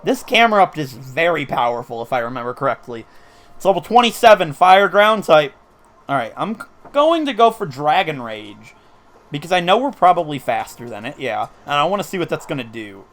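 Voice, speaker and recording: A man's voice: on the high side, sing-song, brisk, fairly bright tone. A man giving casual, upbeat commentary while playing a video game, explaining his moves as he goes. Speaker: let's play commentator.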